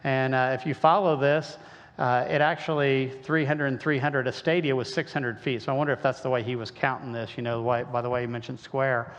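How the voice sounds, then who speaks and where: A man's voice: mid-range voice, steady tone, a little fast. A man from Western Illinois giving a folksy, conversational lecture with lots of rhetorical questions. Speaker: creationist speaker. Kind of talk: lecture-style talk. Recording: muffled sound with long hall reverb.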